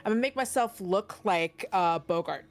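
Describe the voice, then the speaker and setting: A woman's voice: medium pitch, normal speed, soft background music. A woman playing a tabletop game, hesitant and giggly, with many ums. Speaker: player.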